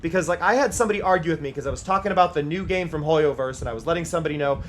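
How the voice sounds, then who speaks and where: Male streamer from the US, fairly high voice, emphatic, repeats points, playful reading of game text. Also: racing, a bit bright, slight background noise. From United States. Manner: heated ranting, emphatic repetition; playful, reads game text aloud mockingly. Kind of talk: live gameplay stream chat.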